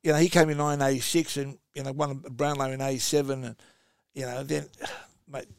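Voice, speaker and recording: Gravelly Australian man spinning yarns. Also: medium pitch, little pitch movement, brisk, no echo, studio quality. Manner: rambling anecdotal storyteller, many fillers. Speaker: guest, former footballer. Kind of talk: casual podcast chat.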